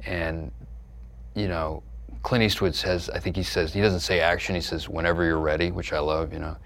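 A middle-aged actor telling stories in an interview, animated and profane, laughing often and sometimes dropping to a soft, low musing tone. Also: male voice, normal speed, creaky. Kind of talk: candid conversational storytelling.

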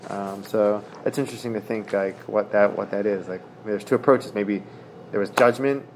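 A man in a casual Talmud study session, talking haltingly with many restarts as he reads passages aloud and paraphrases them. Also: lowish voice, fairly even intonation, a little hiss or hum.

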